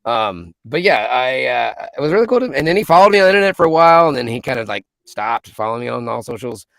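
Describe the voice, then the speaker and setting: Gravelly low guy telling stories, super animated, dry sound. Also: fast, dry recording. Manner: animated storyteller, laughs often. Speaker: voice actor guest. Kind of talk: casual interview chat.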